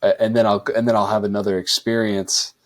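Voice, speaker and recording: A man's voice: fairly low pitch, little pitch movement, brisk. A man hosting a podcast in a casual, laid-back way, peppering his talk with "dude" and "like.". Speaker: podcast host.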